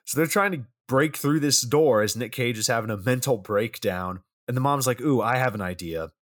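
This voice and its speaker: A man's voice: mid-range voice, normal speed, fairly bright tone, no echo, studio quality. A man co-hosting a podcast, casually recapping a film's plot with easy chuckles and a loose, chatty delivery. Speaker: podcast co-host reviewing a film. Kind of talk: casual chat.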